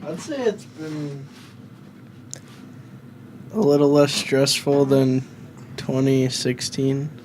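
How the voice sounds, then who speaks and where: A man's voice: medium pitch, takes it slowly, pauses often, noisy background. A young man co-hosting a casual podcast, teasing his friends and telling stories. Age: young adult. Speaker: podcast co-host. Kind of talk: casual chat.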